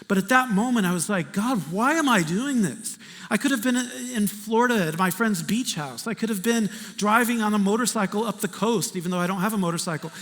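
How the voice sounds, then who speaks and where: A male pastor preaching a storytelling sermon in a conversational, animated way, swinging between loud and hushed. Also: sits high. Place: church sanctuary. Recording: reverberant church hall.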